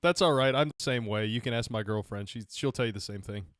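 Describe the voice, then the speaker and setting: A man's voice: mid-range voice, fast talker, a bit bright, no echo, clean studio sound. A man in casual chat, playful and teasing.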